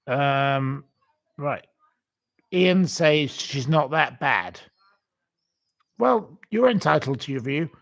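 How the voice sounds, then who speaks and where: A man's voice: on the high side, expressive, slow, creaky, long pauses. A man hosting a livestream, reading out viewer comments and ranting bluntly with repeated insults. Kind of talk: casual live-chat rant.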